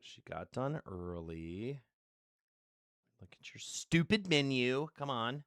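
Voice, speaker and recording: A man streaming a game live, talking through it with animated, self-mocking banter. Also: medium pitch, slow, pauses often, clear, resonant tone, dry recording, clean studio sound. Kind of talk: live gameplay commentary.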